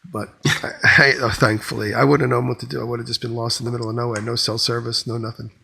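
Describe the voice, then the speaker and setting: A man's voice: medium pitch, flat delivery, fast talker, creaky, sharp tone, slight background noise. A man co-hosting a podcast, telling a long rambling story with lots of restarts. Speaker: podcast co-host. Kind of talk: casual chat.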